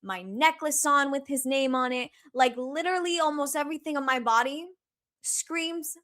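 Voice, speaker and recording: A woman's voice: sits high, normal speed, fairly bright tone. A young woman telling a story in casual chat as a podcast guest, chatty and profane, full of "like" and "okay".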